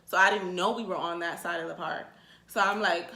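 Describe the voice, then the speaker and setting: A young woman in her twenties telling a comedic storytime rant, animated and swearing, with exasperated outbursts. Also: lowish voice, normal speed. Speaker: vlogger. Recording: echoey room.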